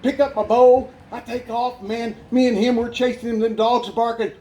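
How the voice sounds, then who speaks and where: A man with a high voice tells his life story at a church revival. His way of talking is folksy and self-mocking, and laughter keeps slipping into his words. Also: steady tone, normal speed, warm tone. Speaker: guest speaker giving his life testimony.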